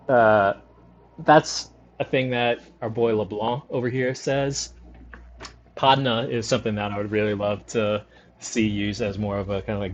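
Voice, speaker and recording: A man from the New Orleans area giving rambling, relaxed commentary while streaming a game. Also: fairly low pitch, a little hiss or hum. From New Orleans area, Louisiana. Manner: rambling, lots of fillers, relaxed. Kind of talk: casual commentary over gameplay.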